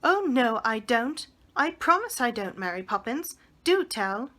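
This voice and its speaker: A woman's voice: on the high side, measured pace. A woman putting on an eager cheeky little boy. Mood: pleading. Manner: excited, pleading, insistent.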